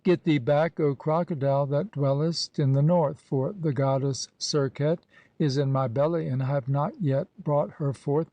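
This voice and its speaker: A man giving a measured, solemn reading of an ancient religious text as an audiobook. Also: fairly high pitch, mellow, no echo, lo-fi sound. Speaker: audiobook reader.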